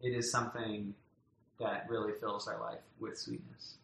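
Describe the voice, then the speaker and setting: A man speaks tenderly about his young child, circling back with many restarts and fillers. His voice is bright and forward. The room is reverberant, with a faint hum of ambience behind him. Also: on the low side, flat delivery, moderate pace, creaky. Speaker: parent being interviewed. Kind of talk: casual heartfelt conversation. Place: home in a loud neighborhood.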